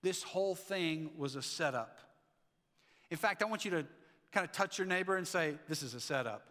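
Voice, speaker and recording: A man preaching a sermon as pastor, animated, acting out the lines of the people in the story. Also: high voice, brisk, long reverb tail. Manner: animated, acts out the Bible figures' lines. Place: church sanctuary.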